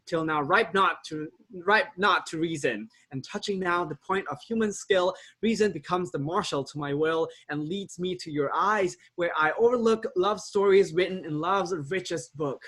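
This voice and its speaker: A man's voice: sits high, a bit bright. A man reading an ardent young lover. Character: ardent young male lover, flowery and earnest.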